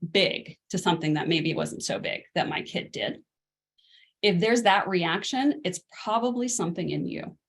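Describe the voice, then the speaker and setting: Een vrouw die als ouderschapscoach een les geeft, in een gemoedelijke spreekstijl, en die zinnen van ouders en kinderen naspeelt. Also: female voice, medium pitch, gravelly. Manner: conversational, acts out parent and child quotes. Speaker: parenting coach. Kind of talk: spoken masterclass lesson.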